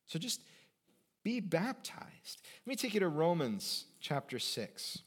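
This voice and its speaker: Male pastor, sermon, fairly high voice, lively swings between loud and soft, conversational asides. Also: slow, breathy edge. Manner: animated preaching, sudden loud emphasis and quiet asides; conversational, jokes with the congregation.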